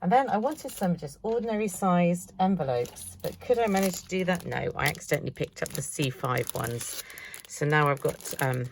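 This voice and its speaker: A woman's voice: on the low side, animated, moderate pace, vocal fry, a little hiss or hum. A middle-aged woman chatting casually through a craft haul, thinking aloud as she shows each item. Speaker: craft vlogger.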